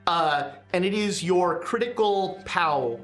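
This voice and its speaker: A woman's voice: lowish voice, slow pace, soft background music. A woman running a tabletop roleplaying game as game master, playful and teasing.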